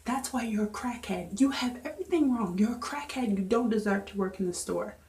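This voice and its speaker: A woman's voice: mid-range voice, brisk, darkish tone, far from the mic, natural voice. A woman voicing a rude, furious, entitled female shopper who rants indignantly. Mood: insulting. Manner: indignant ranting. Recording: echoey room.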